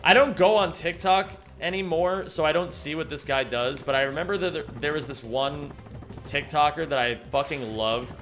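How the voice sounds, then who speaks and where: A man's voice: a little high, moderate pace, a bit bright, faint music behind. A young man live-streaming a game, chatting casually, thanking viewers and swearing freely as he rambles. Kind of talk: casual live-stream chat while gaming.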